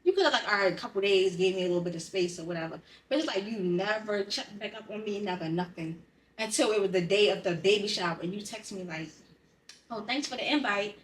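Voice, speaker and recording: A woman in candid podcast conversation, speaking bluntly and with raw feeling, cursing freely. Her voice sits back from the mic in a roomy, echoing space, at a middling pitch. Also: a little hiss or hum. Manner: blunt, profane, emotionally raw storytelling. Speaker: podcast co-host. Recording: roomy sound, distant from the mic.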